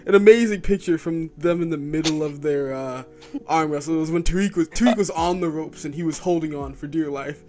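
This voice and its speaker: A man's voice: on the high side, fairly quick, mellow, faint music behind. A young man co-hosting a casual podcast, teasing his friend while acting out quotes in a story. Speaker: podcast co-host. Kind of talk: casual chat.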